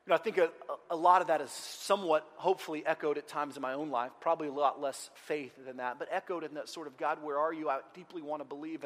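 A man preaching a sermon as pastor, moving between loud outcries and hushed, quiet passages. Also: fairly high pitch. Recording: long hall reverb.

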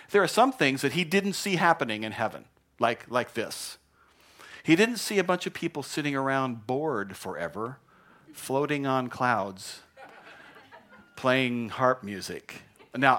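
Man, pastor, sermon, animated, joking storyteller. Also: mid-range voice.

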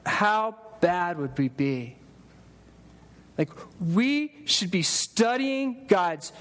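Pastor, male, higher voice, chatty sermon delivery with restarts. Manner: conversational preaching with repeated restarts and acted-out quotes. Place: church sanctuary.

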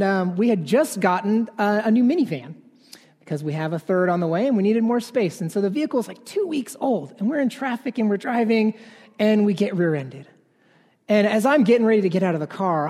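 A man's voice: high voice, a little mellow. Man preaching in an echoing hall. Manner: conversational, keeps adding "right?". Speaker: pastor. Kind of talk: sermon. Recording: long reverb of a large hall.

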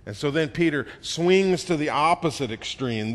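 A male preacher delivers a sermon with expressive swings between strong emphasis and hushed moments. His voice sits a little high for a man. Long reverb from the church hall trails each phrase. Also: moderate pace, hardly any pauses. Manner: expressive, acts out quoted voices with swings in loudness.

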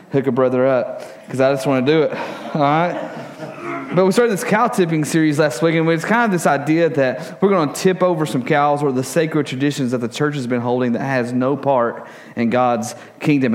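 A young adult man preaching a sermon in a relaxed, joking way, full of stories and fillers. His voice sits at an ordinary middle pitch. He often jumps higher and louder when excited and drops low to make a serious point. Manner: casual, joking, animated storytelling with many fillers. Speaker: pastor.

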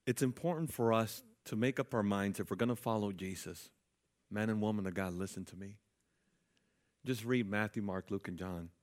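Man preaching with lively storytelling. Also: on the low side, moderate pace. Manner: animated storytelling, acting out quoted people; often adds "right?" to check with listeners. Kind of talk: sermon.

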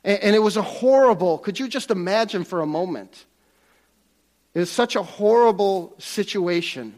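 A man preaching a casual, conversational sermon to a congregation in a church, often restarting and repeating words. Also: sits high.

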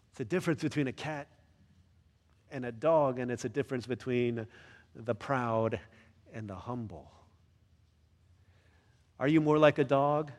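A pastor preaching a sermon in a church, conversational and animated, often asking the listeners questions. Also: male voice, mid-range voice, moderate pace, long pauses, long reverb tail.

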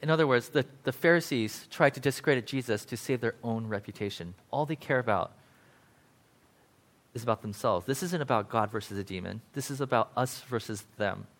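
A man preaching a casual, conversational sermon, paraphrasing scripture in lively everyday speech with frequent "right?" asides. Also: medium pitch, brisk. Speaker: pastor.

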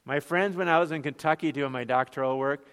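A man's voice: a little high, brisk, fairly bright tone, smooth, in a large hall. A man with a Northern Minnesotan accent preaching a sermon as pastor, conversational, with rhetorical questions and joking asides. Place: church.

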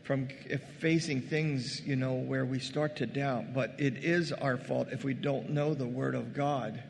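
A male pastor delivering a conversational, animated sermon, calling his congregation "gang" and acting out scripture scenes. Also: medium pitch, measured pace, vocal fry, in a large hall, slight background noise. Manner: addresses the congregation as "gang" and "guys".

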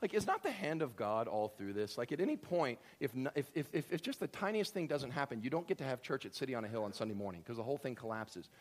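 A man preaching a sermon, telling a story with lively acted-out voices and swinging from quiet to loud. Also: medium pitch, fast, few pauses. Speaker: pastor.

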